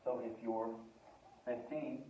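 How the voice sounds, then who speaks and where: A man's voice: medium pitch, steady tone, slow pace, dark tone, a little hiss or hum. A man teaching a Spanish lesson in a classroom, chatty and joking, switching between English and Spanish. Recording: tinny, echoey from far off.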